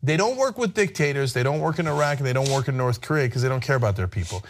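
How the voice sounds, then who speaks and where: A man's voice: mid-range voice, animated, quick pace, a little hiss or hum. A man hosting political commentary, combative and sarcastic in a heated way. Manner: combative and sarcastic, mocking voices.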